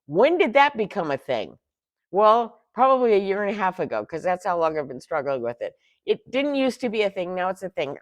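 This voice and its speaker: A woman's voice: medium pitch, fairly quick, dry recording. Exasperated woman ranting, dry close sound. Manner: exasperated, animated storytelling with sarcastic asides. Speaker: tarot channel host. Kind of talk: casual rant.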